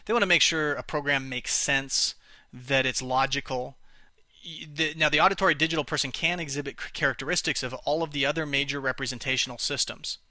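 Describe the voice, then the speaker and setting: Bright-voiced man giving a sales lesson. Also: medium pitch, fairly even intonation, brisk, dry recording. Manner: explanatory, acts out example phrases, some restarts. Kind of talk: spoken lesson on communication styles.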